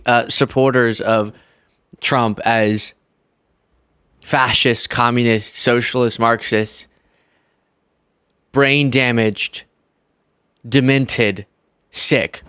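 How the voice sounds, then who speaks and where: Sarcastic man with a smooth dry voice. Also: mid-range voice, a little slow, long pauses, fairly bright tone, no echo. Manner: sarcastic, mock outrage. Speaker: political commentary host. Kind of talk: political commentary.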